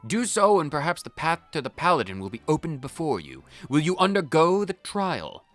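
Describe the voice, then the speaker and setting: A man's voice: fairly high pitch, wildly swooping pitch, normal speed, a bit bright, dry recording, soft background music, pitched above the performer's own voice. A man reading the lines of a stern, proud woman paladin in a video game, formal and commanding.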